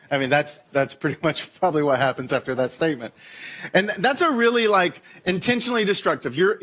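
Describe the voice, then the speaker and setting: Male pastor, 30s, slightly high voice; chatty sermon delivery that leaps up in pitch when acting out quoted dialogue. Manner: conversational, acts out quoted exchanges with sharp pitch jumps. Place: church sanctuary.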